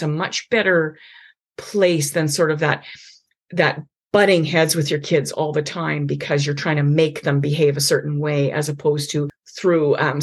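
A middle-aged woman talks earnestly, often checking in with a quick "right?" Her voice sits low with a gravelly edge. It has a husky grain. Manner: earnest, many restarts and tag questions. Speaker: podcast host. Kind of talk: conversational advice on faith and parenting.

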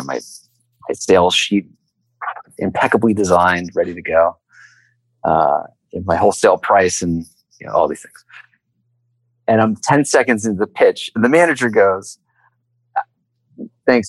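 A man's voice: low-pitched, dry recording, low-quality recording. A man being interviewed, telling his story in a conversational way and acting out the voices he quotes. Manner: animated storyteller, acts out quotes. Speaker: interview guest, entrepreneur.

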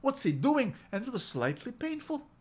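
A man voicing a calm, patient marble statue in a spoken parable, with a soft, confiding delivery. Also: very high voice, moderate pace, breathy edge, voice pushed up, heavily acted. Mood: aggrieved.

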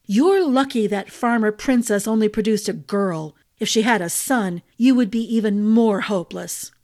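A woman reading aloud voices a bitter, manipulative prince, speaking slowly with a cold snarl. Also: mid-range voice, no room sound, clean studio sound, natural voice. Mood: angry.

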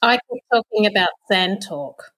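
A woman's voice: mid-range voice, animated, normal speed, a bit bright. A woman, a nature play educator, talking earnestly and thoughtfully as a guest in an interview. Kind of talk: casual interview chat.

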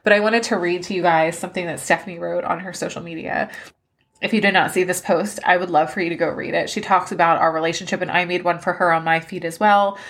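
A woman with a fairly low voice hosts a personal podcast, talking in an openly emotional, heartfelt way. Her delivery is loose and rambling, with "like" scattered through her sentences. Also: steady tone, quick pace, fairly bright tone. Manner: rambling, with many "like" fillers. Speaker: podcast host. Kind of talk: personal life-update podcast monologue.

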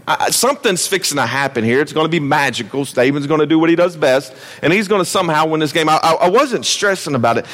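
A man preaching a conversational sermon, swinging from loud, raised lines to hushed ones and often calling on listeners to listen. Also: fairly high pitch. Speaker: pastor. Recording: long hall reverb.

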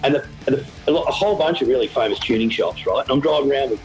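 This is a middle-aged man with an Australian accent who tells his story with lively energy, laughing and playing out the voices of the people in it. His voice sits at an ordinary pitch. Faint music plays behind him. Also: rapid-fire, low-quality recording. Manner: animated storyteller, laughs often, acts out quotes. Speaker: event organizer. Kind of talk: storytelling interview.

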